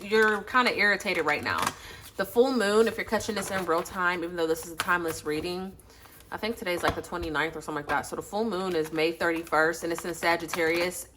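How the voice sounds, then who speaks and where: A woman with a lowish voice gives a casual tarot reading into her phone with her face off camera, against a noisy background. She's chatty, blunt, and slangy, swearing a lot.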